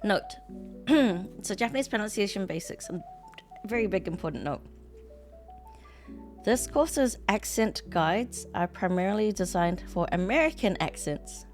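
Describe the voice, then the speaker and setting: A woman's voice: mid-range voice, animated, unhurried. A woman with a New Zealand accent, chatting casually on a live stream, reading lesson text aloud and reacting to it. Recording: background music track.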